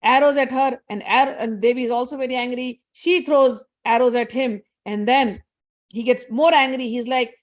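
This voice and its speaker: A woman casually retelling a scripture story in a conversational way, with fillers and bursts of fast Sanskrit chanting. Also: on the high side, fairly even intonation.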